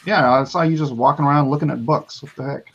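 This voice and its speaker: A man's voice: on the high side, fast, gravelly, fairly bright tone, slightly rough, dull audio. A man hosting a casual livestream chat, joking and laughing often. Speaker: host.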